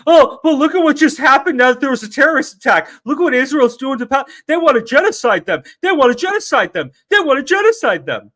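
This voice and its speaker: A shrill, whiny protester caricature, as a man mocks it, squealing far above his normal voice. The sneering, exaggerated delivery pushes loud and sharp. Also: sing-song, fast talker, few pauses, heavily acted. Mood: whiny mocking.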